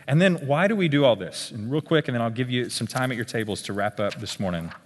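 A man giving a conversational live talk at a church parenting workshop, often checking in with his listeners with a quick "okay?". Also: mid-range voice, animated. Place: meeting room with tables. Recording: long hall reverb in a big room.

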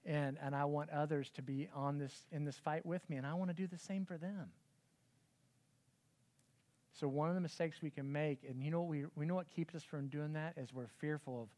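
A man's voice: a little high, fairly even intonation, moderate pace, darkish tone. A middle-aged man giving an earnest, conversational church talk to parents, often acting out quoted dialogue. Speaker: pastor.

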